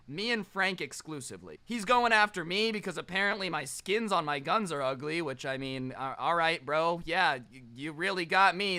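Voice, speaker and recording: Bright-voiced young man telling stories. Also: high voice. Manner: sarcastic, animated retelling. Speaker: storyteller. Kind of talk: casual storytime.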